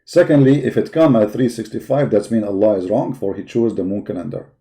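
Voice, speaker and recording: A man's voice: on the low side, fairly quick, creaky, warm tone. A man hosting a live call-in debate stream, mocking and insulting his opponents with emphatic repetition, his voice tired. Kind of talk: combative livestream commentary while searching a website.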